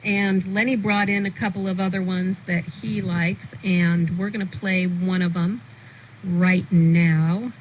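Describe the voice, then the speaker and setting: A woman's voice: on the low side, little pitch movement, slight background noise, low-quality recording. Chatty female radio host. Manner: enthusiastic, chatty, a bit halting. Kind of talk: casual radio interview. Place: radio studio.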